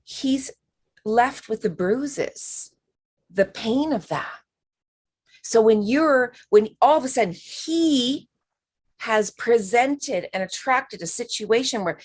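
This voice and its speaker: A woman healer speaks on a live stream, her voice sitting a little on the high side. She talks frankly and with emphasis, drops the odd swear word, and calls her listener honey. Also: expressive, slow pace, a little mellow, breathy edge. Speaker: spiritual healer giving a reading. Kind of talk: live-stream healing reading.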